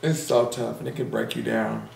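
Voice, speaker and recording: A man's voice: medium pitch, little pitch movement, normal speed, vocal fry, a little mellow, echoey room, a little hiss or hum. A man vlogging to camera in a casual, earnest and encouraging way, repeating phrases for emphasis. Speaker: mukbang vlogger. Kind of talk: heartfelt casual monologue.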